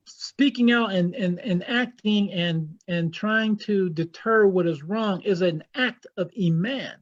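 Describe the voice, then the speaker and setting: High-voiced blunt American man. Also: lo-fi sound. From United States. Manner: animated, blunt, repeats himself for emphasis. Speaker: guest Islamic scholar. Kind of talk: impassioned interview talk.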